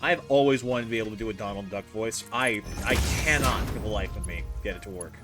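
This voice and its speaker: A man's voice: lowish voice, quick pace. A man streaming a building game, muttering casual commentary with swearing and self-deprecating asides. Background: game music.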